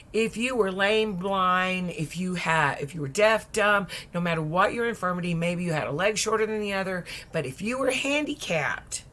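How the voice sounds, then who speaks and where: A woman preacher retelling a Bible story in a lively, conversational sermon, dropping at times into soft whispers. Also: lowish voice. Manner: lively, acts out voices, drops to whispers.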